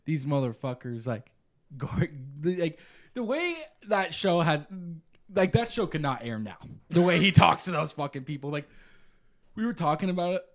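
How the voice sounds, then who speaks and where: A young man co-hosting a podcast, telling stories in an animated way, swearing and laughing often. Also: a little high, normal speed. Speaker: podcast co-host. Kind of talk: casual chat.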